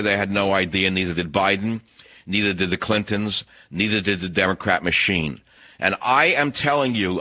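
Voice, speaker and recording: A man's voice: fairly low pitch, pushed and bright, no room sound. A man hosting an opinion radio talk show, delivering an emphatic monologue full of repeated phrases and rhetorical questions. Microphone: studio microphone.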